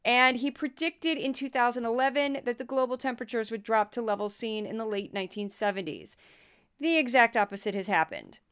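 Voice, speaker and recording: A middle-aged woman from the American Midwest hosts a podcast in a loose, conversational way, full of dry asides and jokes at her own expense. Her voice sits a little high and sounds smooth and resonant. She keeps a wry, informal tone throughout. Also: expressive, brisk, fairly bright tone. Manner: chatty, wry, self-deprecating asides. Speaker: podcast host. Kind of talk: casual podcast commentary.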